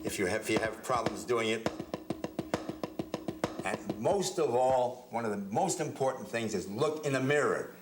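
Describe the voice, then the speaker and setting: A man's voice: medium pitch, animated, moderate pace, roomy sound, loud music behind the voice. Man teaching drum strokes step by step. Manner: explains step by step, repeats words often. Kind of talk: hands-on instructional demonstration. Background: drum hits between phrases.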